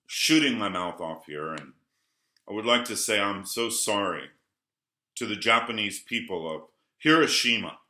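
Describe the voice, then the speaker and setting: A man vlogs a rambling early-morning monologue in a pushed, bright voice, swinging between low mutters and heated outbursts. He swears and keeps apologizing, with a roomy echo around him.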